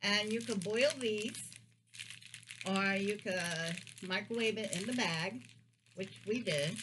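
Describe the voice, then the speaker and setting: A woman takes her time through a casual taste-test vlog, thinking aloud between bites and humming as she chews. Her voice sits at an ordinary middle pitch, with a faint hum of background noise. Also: a bit bright. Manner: chatty, muses aloud while chewing, frequent hums and laughs. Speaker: vlogger.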